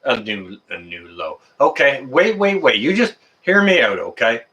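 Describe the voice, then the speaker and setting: A man hosting a live stream, chatting casually with viewers in a rambling, excitable, jokey way. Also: mid-range voice, moderate pace. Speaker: livestream host answering chat.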